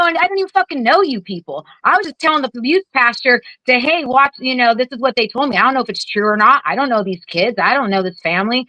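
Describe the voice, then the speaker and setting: Blunt bright-voiced woman veteran. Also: on the high side, no room sound, low-quality recording. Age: adult with children. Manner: blunt, heavy swearing, vivid quoted retorts. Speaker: guest, Air Force veteran. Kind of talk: candid conversational storytelling.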